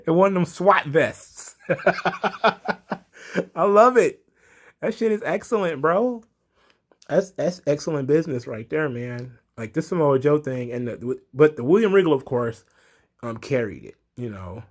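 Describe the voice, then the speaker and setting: A man giving a casual recap of a wrestling show, excitable, chuckling, swearing freely. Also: medium pitch.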